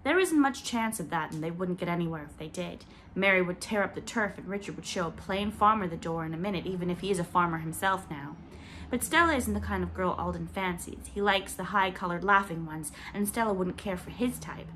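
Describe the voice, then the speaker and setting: A woman's voice: on the low side, a little fast, fairly bright tone, a little hiss or hum, lightly acted. A woman doing a blunt, gossiping older village woman. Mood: disapproving.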